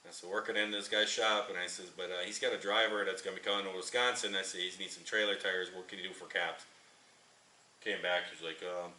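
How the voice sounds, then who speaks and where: Deep-voiced chatty trucker in an echoey shop. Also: male voice, steady tone, brisk, bright, forceful tone. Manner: rambling, chatty, repeats himself. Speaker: trucker and channel host. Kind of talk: casual storytelling vlog. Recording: echoey shop, mic at a distance.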